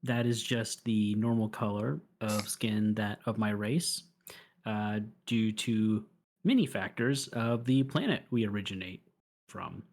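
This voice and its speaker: A man playing a tabletop game, speaking in character with polite, measured diplomacy. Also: fairly low pitch, darkish tone. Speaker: player. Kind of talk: in-character tabletop role-play.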